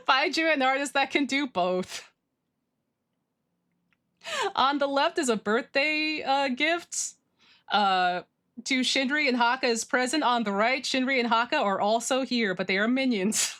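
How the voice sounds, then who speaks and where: A woman livestreaming, chatting casually with her viewers, gushing and excitable as she reads chat. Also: high voice, a little slow, pauses often. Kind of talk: casual stream chat, reading chat.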